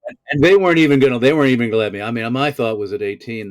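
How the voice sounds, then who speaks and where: A man's voice: mid-range voice, very fast, no echo. A man guesting on a video-call interview from a room at home, telling stories in a wry, theatrical way with vivid wordplay. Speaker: actor guest. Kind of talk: casual interview chat. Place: home room with bookshelf backdrop.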